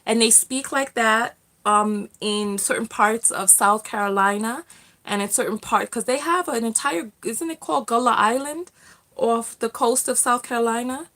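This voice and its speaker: Hosting a casual livestream, a middle-aged woman who works as a self-love coach reads out comments from viewers. Her fairly high, sharp voice moves at a moderate pace, chatty and full of fillers and restarts.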